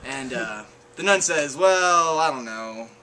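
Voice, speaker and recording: Captured on a handheld home camcorder with faint noise behind him, a young man among friends at home tells bar jokes in a rambling, hesitant way full of fillers. He speaks slowly but animatedly, with a mid-range voice and a sharp tone.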